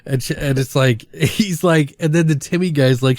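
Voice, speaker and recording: A man co-hosting a podcast, retelling a movie's scenes in a casual, excited way with lots of swearing and acted-out lines. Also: fairly high pitch, unhurried, few pauses, no room sound. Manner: excited, profane storytelling, acts out film lines. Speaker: podcast co-host. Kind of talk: casual movie review chat.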